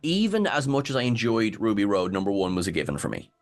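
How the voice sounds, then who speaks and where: A man with an Irish accent co-hosting a casual TV discussion, animated and given to halting restarts. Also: on the low side, faint music behind. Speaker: co-host.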